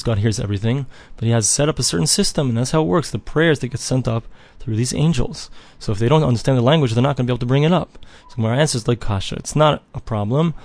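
A man teaches a daily page Talmud lesson, reading each phrase of the text aloud before translating and explaining it in plain English. His medium-pitched voice is a little mellow, with no room sound.

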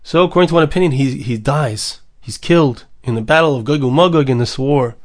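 A man's voice: mid-range voice, a little fast. A man giving a Torah lecture, mixing in Hebrew and Aramaic phrases and repeating words for emphasis. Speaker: rabbi teaching Torah.

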